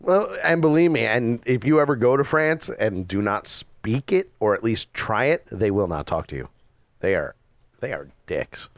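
A man in casual podcast chat, agreeable and quick to laugh. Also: fairly low pitch, lively intonation, no room sound.

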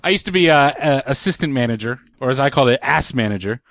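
A man's voice: medium pitch, fast, crowd noise. A man on a casual podcast, telling a story with lots of laughter and putting on voices for the people in it. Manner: animated storyteller, laughs often, puts on voices for quotes.

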